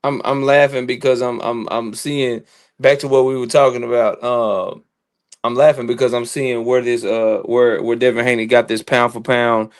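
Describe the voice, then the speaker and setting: A man's voice: medium pitch, little pitch movement, moderate pace. Guy on his phone calling into a boxing stream, fired up, ranting, keeps repeating words. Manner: heated ranting, stammering repeats. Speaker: co-host calling in. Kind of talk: casual live-stream chat.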